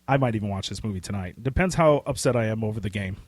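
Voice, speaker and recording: A man co-hosting a casual pop-culture podcast. He talks in a rambling, excitable way with casual swearing, and his voice is getting hoarse. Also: on the low side, quick pace, no room sound. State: losing his voice. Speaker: podcast co-host. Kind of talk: casual chat.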